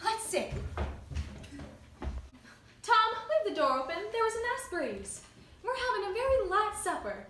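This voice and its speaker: A woman's voice: extremely high pitch, pushed and bright, slight background noise, heavily acted. A woman playing a fussy, genteel, faded Southern mother who chatters on at length, in an amateur stage performance. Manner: gushing, talkative. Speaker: student performer. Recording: echoey room, distant mic.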